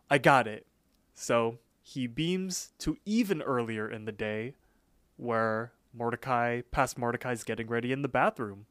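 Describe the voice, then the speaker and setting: A man's voice: mid-range voice, measured pace, fairly bright tone, no echo. Young guy podcast cohost, rambly recap, lots of likes, dry close mic. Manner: rambling retelling with lots of "like" and acted-out quotes. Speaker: podcast co-host. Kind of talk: casual chat, episode recap.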